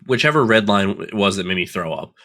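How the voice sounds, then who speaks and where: A man co-hosts a casual podcast, joking around and swearing freely. His lowish voice is sharp in tone, and he talks fast and animatedly.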